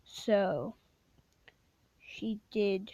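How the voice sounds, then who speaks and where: A woman's voice: medium pitch, extremely slow, dark tone, no echo. A woman casually retelling a spooky game story, rambling with many fillers and self-corrections, sometimes dropping to a whisper. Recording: dull lo-fi dry recording.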